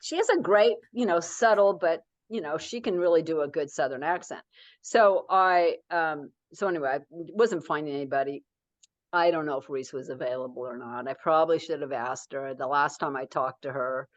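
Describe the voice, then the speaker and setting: A woman's voice: sits low, normal speed, lo-fi sound. A middle-aged woman author talking casually in an interview, rambling with many fillers and restarts.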